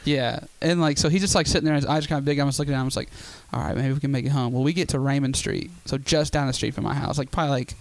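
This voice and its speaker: A man's voice: mid-range voice, racing, gravelly, hardly any pauses, no room sound. A young man telling a story in casual chat, swearing freely and acting out quotes.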